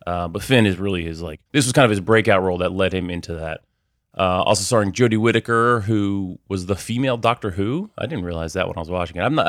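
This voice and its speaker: A man's voice: low voice, no echo, clean studio sound. A man co-hosting a casual film podcast, talking in a loose, rambling way with lots of fillers and hedges. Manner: rambling, hedging with many fillers. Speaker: podcast co-host.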